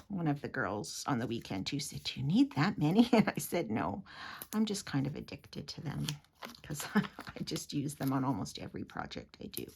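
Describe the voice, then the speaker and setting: A woman's voice: low-pitched, very animated, normal speed, vocal fry, darkish tone, slight background noise. A woman giving a chatty, giggly craft tutorial, often dropping to a whisper as she works. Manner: chatty, giggly, drops to a whisper while working. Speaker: papercraft demonstrator.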